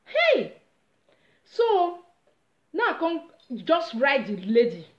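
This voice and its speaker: A woman with a Nigerian accent casually retelling a story on her vlog, animated and dramatic. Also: high-pitched, slow. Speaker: vlogger. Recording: roomy, slightly dull recording.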